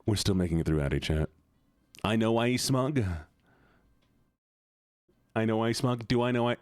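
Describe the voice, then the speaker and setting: A man's voice: lowish voice, lively intonation, normal speed, a little mellow, smooth, no echo, clean studio sound. A man streaming live, chatting casually and jokingly with his viewers and swearing often. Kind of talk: casual livestream chat.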